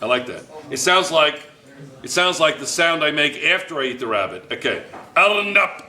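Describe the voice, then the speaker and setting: Chemistry teacher, man, bright and a bit high, playful, repeats key phrases. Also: sing-song, normal speed, reverberant. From United States. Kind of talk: classroom teaching. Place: classroom.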